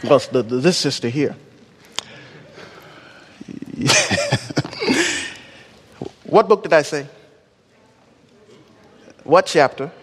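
A man preaching a sermon in a church, animated, using call-and-response and rhythmic repetition. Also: on the high side, extremely slow, pauses often. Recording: long church reverb.

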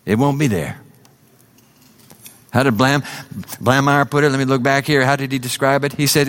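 A man preaching a sermon to a congregation, emphatic, swinging between loud declarations and hushed, intimate passages. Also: mid-range voice, normal speed, long pauses. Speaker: pastor.

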